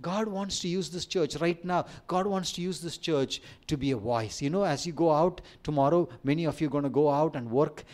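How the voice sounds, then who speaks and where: A man's voice: a little high, brisk, hardly any pauses, darkish tone. Fervent Indian-accented male pastor preaching. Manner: emphatic preaching with rising emphasis and humorous asides. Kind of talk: sermon.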